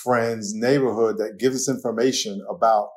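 An older man with a New York accent, a pastor and author talking as a podcast guest, animated and laughing often as he tells stories. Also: lowish voice, normal speed. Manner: animated storyteller, laughs often, slips into acted quotes. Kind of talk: conversational podcast interview.

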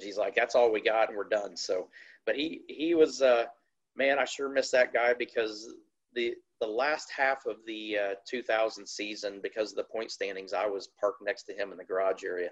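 Man from Indiana, low voice, dull lo-fi audio, casual storytelling, animated and plainspoken. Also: normal speed. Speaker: racing team owner and former driver.

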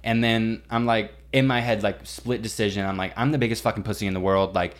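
A young man co-hosting a podcast, telling a story in casual chat, animated and full of swearing and "like". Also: lowish voice, a little fast. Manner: animated, swearing, heavy use of "like". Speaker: podcast co-host.

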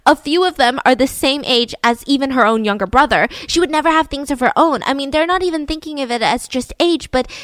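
A woman's voice: high voice, a bit bright, dry recording. A woman hosting a podcast, telling a true-crime story casually with chatty, conversational asides. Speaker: podcast host.

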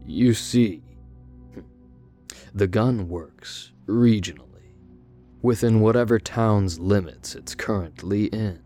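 A man's voice: on the low side, dark tone, soft background music. A giggly sinister carnival showman. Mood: gleeful. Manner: giggling, gleeful, slow and teasing. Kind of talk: audio drama acting.

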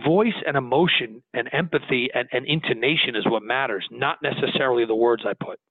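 A man, a business owner, talking earnestly in an interview, animated and restarting his sentences as he goes. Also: mid-range voice, fairly quick, slightly rough, no room sound. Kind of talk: conversational interview. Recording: tinny phone-line audio, dry.

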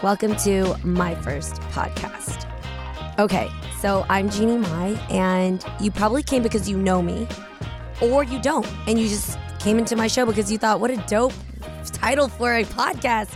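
A woman's voice: medium pitch, normal speed, music in the background. Chatty woman in her forties hosting. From San Francisco Bay Area. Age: 40s. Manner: chatty, candid, casual slang and swearing. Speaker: podcast host. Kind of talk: casual podcast monologue.

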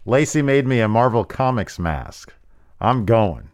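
A man's voice: mid-range voice, sing-song, unhurried, dry recording, studio quality. A man hosting a casual news podcast who talks in a jokey, chummy way and speculates loosely. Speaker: podcast host. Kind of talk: casual wrestling news chat.

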